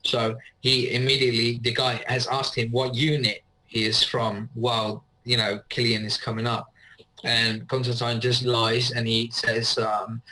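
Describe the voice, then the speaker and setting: A man playing in a tabletop game, describing his character's moves in a steady, matter-of-fact way. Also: medium pitch, a little slow, poor audio. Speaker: player.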